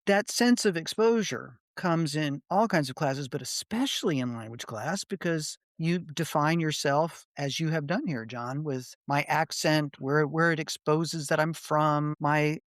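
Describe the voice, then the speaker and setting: A woman's voice: low voice, unhurried, few pauses, no room sound, studio quality. A woman hosting a reflective interview podcast, speaking thoughtfully in long, winding sentences. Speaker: podcast host.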